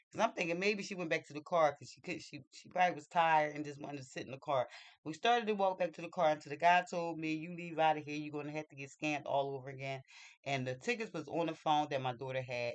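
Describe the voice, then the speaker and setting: A man telling a personal story in a casual, animated and chatty way, acting out what people said. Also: on the high side, no echo. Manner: animated, chatty, acts out quotes. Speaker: vlogger.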